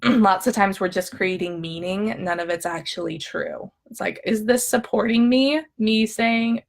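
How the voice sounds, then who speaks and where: A woman's voice: medium pitch, measured pace, creaky. A woman coaching viewers in a live talk, upbeat and chatty, often checking in with "okay?" and acting out her own inner thoughts with drama. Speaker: emotional eating coach.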